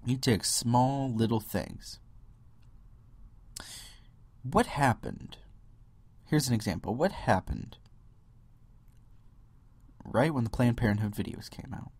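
A man's voice: medium pitch, takes it slowly, pauses often, darkish tone, breathy edge, no echo. A man ranting sarcastically to camera in a video blog, often breaking into mock quotes. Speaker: vlogger. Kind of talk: political rant to camera.

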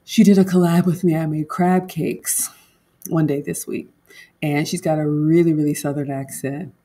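A woman's voice: deep voice, fairly even intonation, normal speed, warm tone, husky. A woman home cook vlogger in casual livestream chat, talking straight to her viewers and laughing often.

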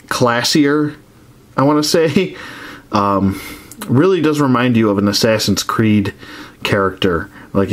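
A man's voice: lowish voice, a little hiss or hum. A man casually reviewing action figures, rambling with many restarts and frank complaints.

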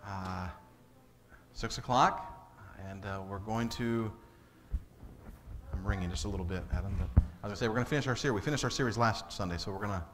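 Low-voiced pastor making casual announcements. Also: male voice, a little fast, a bit bright. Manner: casual, hesitant with fillers. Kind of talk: closing announcements.

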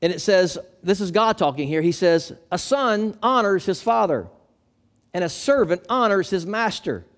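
A man's voice: high-pitched, expressive, normal speed. A man preaching a sermon as pastor, building emphasis as he quotes and explains scripture.

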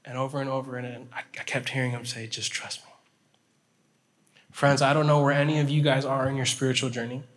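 A man's voice: mid-range voice, fast talker, few pauses. Pastor guy preaching a story sermon, keeps checking in w the crowd, big echoey chapel. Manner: animated storyteller, checks in with listeners. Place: chapel hall. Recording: long hall reverb.

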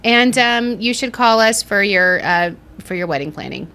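A woman's voice: medium pitch, moderate pace. A woman, co-hosting a podcast and telling a story with lots of acted-out quotes. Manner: animated storyteller, acts out quotes. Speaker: podcast co-host. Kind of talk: casual chat.

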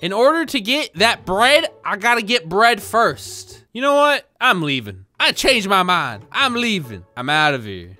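A gaming video host giving playful, jokey commentary while playing, often excited and talking to viewers. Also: mid-range voice, normal speed, few pauses, soft background music.

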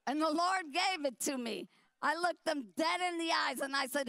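A middle-aged woman telling her story at a dinner, animated and emphatic, acting out the quotes. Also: high-pitched, moderate pace, vocal fry, dry recording.

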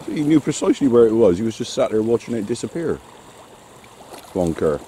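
A man's voice: medium pitch, very animated, brisk, mellow, slight background noise. A man with a dry, wry way of talking, chatting casually to his dog on a walk outdoors. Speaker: dog-walking vlogger. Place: outdoors on a wet shore and woods.

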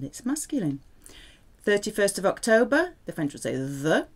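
A woman teaching French vocabulary, speaking patiently and repeating words with careful pronunciation. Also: mid-range voice. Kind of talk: vocabulary lesson.

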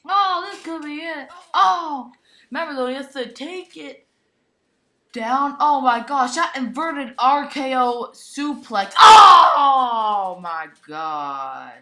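Excitable high-voiced girl commentating. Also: takes it slowly. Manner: frequent excited exclamations and shouts. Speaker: toy wrestling match commentator. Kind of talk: excited play-by-play commentary of a toy match. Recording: echoey room.

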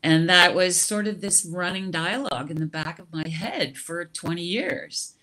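A middle-aged woman on a video call, sharing her personal experience slowly and reflectively, with frequent laughter and restarts. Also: on the low side, animated, pushed and bright.

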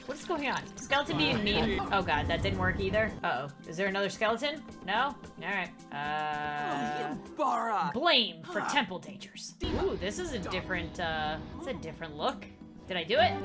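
A woman's voice: medium pitch, very animated, normal speed, music in the background. A young woman playing a life-simulation game and commenting, reading the game text aloud, often shrieking and laughing. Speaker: gaming YouTuber. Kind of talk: Let's Play commentary.

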